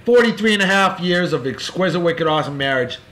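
A man hosting a casual show, giving boisterous, jokey birthday shout-outs in a folksy way. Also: on the high side, animated, fairly quick. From California. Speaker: show host.

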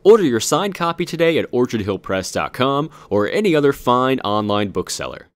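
An animated man co-hosting a casual online show. His voice swings widely in pitch as he jokes and laughs easily. He reads history notes with the same playful, lively delivery. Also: brisk, dry recording. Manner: jokey, laughs often, animated. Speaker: co-host. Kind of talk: casual podcast chat.

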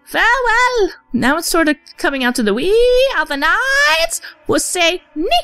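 A woman's voice: very high voice, very animated, a little slow, fairly bright tone, no room sound. A young woman giving joking, sarcastic let's play commentary. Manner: joking, sarcastic, reads game lines in silly voices. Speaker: gameplay commentator. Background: game music.

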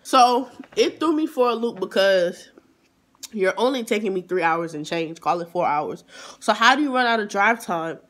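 A man vlogger telling a storytime in an animated, emphatic way, with exasperated asides. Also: high-pitched, normal speed. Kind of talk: storytime vlog.

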